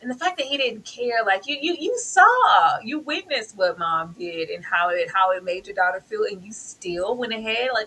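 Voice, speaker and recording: A woman co-hosting a casual TV review chat, animated and emphatic, acting out characters' lines. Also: medium pitch, moderate pace, few pauses, slightly rough, rough recording. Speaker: co-host of a TV review show.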